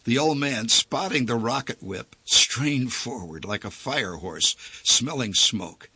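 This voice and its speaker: A man's voice: on the low side, animated, unhurried, few pauses, sharp tone, slightly rough, no echo. A man narrating a story aloud, with vivid, theatrical storytelling delivered close to the mic. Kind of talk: dramatic story reading.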